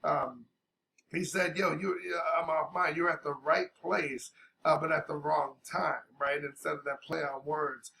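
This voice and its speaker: An older man who is sick at home hosts a laid-back reaction video on a rap track, pausing the music to talk over it with fillers and the occasional cough. His voice is fairly high, creaky and bright, steady yet forceful, with a little hiss or hum.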